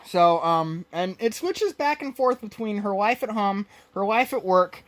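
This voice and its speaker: A woman's voice: medium pitch, expressive, unhurried. Rambling woman recapping a movie. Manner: rambling, full of fillers and restarts. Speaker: podcast co-host. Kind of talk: casual movie recap chat.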